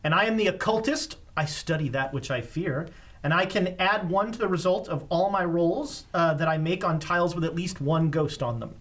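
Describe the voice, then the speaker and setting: A man's voice: sits high, a little fast, hardly any pauses, fairly bright tone. A man running a board game session as game master, upbeat, reading story text aloud to the players.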